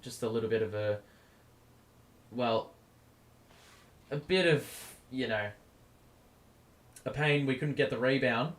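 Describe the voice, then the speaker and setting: Man calling a game live, voice going hoarse. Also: medium pitch, slow, long pauses. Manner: casual, gets loud over big plays. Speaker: stream host. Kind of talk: live play-by-play commentary.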